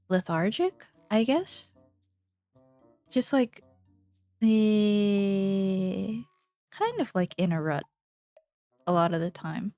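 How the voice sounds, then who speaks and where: A woman's voice: mid-range voice, takes it slowly, long pauses, warm tone, dry recording, faint music behind. A young woman streamer chatting casually with her viewers, rambling, giggling and trailing off mid-sentence. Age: young adult.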